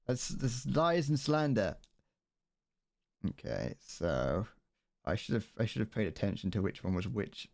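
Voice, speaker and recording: A man's voice: on the low side, very animated, unhurried, vocal fry, long pauses, a little mellow. A British man chatting on a casual livestream while he builds a model kit, rambling with frequent stammered restarts and laughter. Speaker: streamer.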